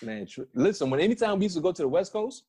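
A middle-aged man from South Florida, a former football player, telling lively stories in a casual interview and acting out the quotes. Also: high-pitched, quick pace, slightly rough. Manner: animated, repeats and restarts, acts out quotes.

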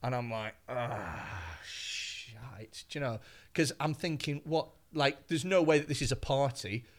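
A man, a comedian guest telling an anecdote in an animated, expletive-laden way on a podcast. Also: on the high side, moderate pace.

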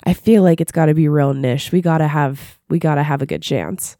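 A woman co-hosting a podcast, hoarse and husky from a sinus infection, talking in a dry, matter-of-fact way. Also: low-pitched, fairly quick, warm tone, no echo. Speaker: podcast co-host. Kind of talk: casual chat.

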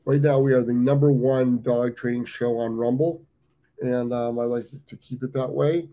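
A man's voice: mid-range voice, fairly even intonation, moderate pace, warm tone. A man in his fifties with an American accent, hosting a live dog training show in casual talk, rambling and repeating himself with many ums. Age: 50s. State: has the hiccups.

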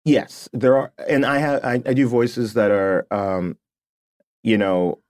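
A man's voice: medium pitch, takes it slowly, a little mellow, no echo, studio quality. A man, a puppeteer, chatting casually as an interview guest, talking with many fillers and restarts and laughing often.

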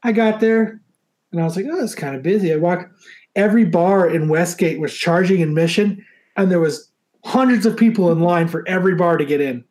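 A married man casually telling a story on a podcast, animated, swearing freely and laughing often. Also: sits high, a little fast. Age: adult, married.

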